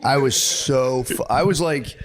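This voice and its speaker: A man in his thirties co-hosting a podcast, telling profane stories in relaxed casual chat. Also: medium pitch, unhurried, a little hiss or hum. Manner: profane, drawling storyteller. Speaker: podcast co-host.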